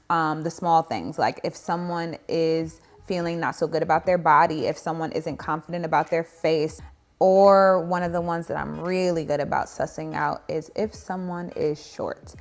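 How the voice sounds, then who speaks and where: A young woman spins a casual storytime in a slightly low voice, animated and sarcastic. She leans into emphatic asides as she talks to her viewers. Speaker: vlogger telling a dating story.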